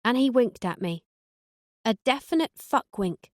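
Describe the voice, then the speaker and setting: A woman's voice: on the high side, expressive, a little slow, no echo. Dry, sardonic woman narrating. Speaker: audiobook narrator. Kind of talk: first-person audiobook narration.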